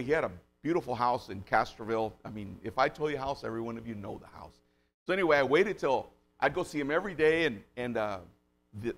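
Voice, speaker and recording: Brief: middle-aged male pastor, conversational storytelling sermon with emphatic rises, mid-pitched. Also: slight background noise.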